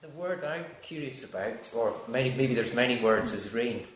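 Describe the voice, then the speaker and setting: A man with a middle-pitched voice chairs the question session after a lecture, polite and measured. The room is echoey, and there is faint background noise. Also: expressive, a faint crowd. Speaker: event chair. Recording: roomy hall with faint noise.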